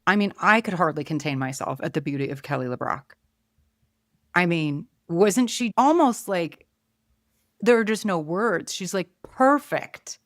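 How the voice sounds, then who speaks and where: A woman's voice: on the low side, expressive, measured pace, dry recording, clean studio sound. Chatty woman hosting a film podcast. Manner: chatty, trails off and restarts, musing aloud. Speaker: podcast host. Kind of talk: casual film review chat.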